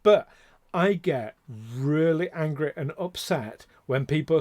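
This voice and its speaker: On a podcast, this co-host rants with passion in a casual register, his speech crowded with fillers and restarts. He takes it slowly in a voice that is a little high and darkish, with no echo.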